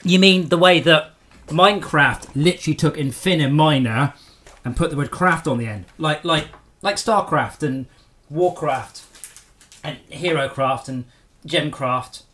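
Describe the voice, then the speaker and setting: A man's voice: fairly high pitch, measured pace, fairly bright tone. A man streaming a game live and sarcastically scolding trolls in his chat.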